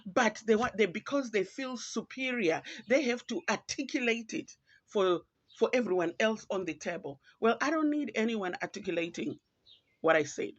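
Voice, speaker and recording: A podcast host from Zimbabwe, speaking with a Zimbabwean accent in a mid-range voice, offers earnest, reflective, pointed solo commentary. The recording is dull and lo-fi, dry, with no room sound.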